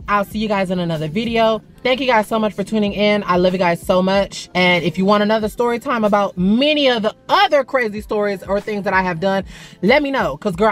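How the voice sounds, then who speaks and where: Woman vlogger, chatty and profane story-time delivery, mid-range voice, faint music bed. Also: mid-range voice. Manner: chatty, frank and profane, calls the viewer "girl" and "baby". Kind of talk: casual story-time vlog.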